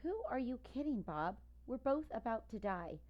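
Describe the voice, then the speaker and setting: A woman voicing a feisty young female dog who bosses her brother around, with sharp, teasing retorts. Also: on the high side, very animated, moderate pace, dull audio, pitched above the performer's own voice. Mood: sassy.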